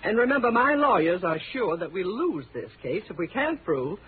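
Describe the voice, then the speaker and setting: A woman's voice: medium pitch, very animated, a little hiss or hum, natural voice. An actress playing an impatient, commanding wealthy woman who hires a detective, in 1940s radio acting. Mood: brisk. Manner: brisk, bossy. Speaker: client of the detective. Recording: tinny old radio broadcast.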